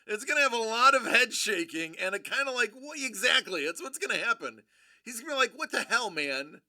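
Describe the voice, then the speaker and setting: A live stream host giving excitable commentary, giddy and prone to laughing and shouting in bursts. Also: mid-range voice, fairly quick, no echo, studio quality.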